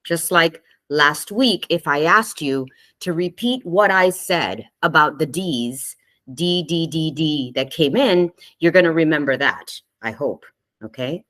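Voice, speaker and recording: A woman giving a spiritual talk to a live online group, gentle and conversational, often checking in with her listeners and laughing easily. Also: deep voice, animated, measured pace. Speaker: spiritual teacher hosting a live online session.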